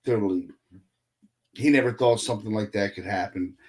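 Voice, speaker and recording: A man in casual podcast chat, a paranormal investigator telling profane, animated stories and acting out quotes. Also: lowish voice, normal speed, breathy edge.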